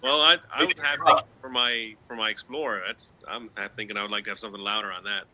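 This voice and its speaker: A man's voice: on the low side, fairly even intonation, fast talker, lo-fi sound, a crowd in the background. A father and car owner answering questions plainly, with a few hesitations. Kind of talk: casual live show chat.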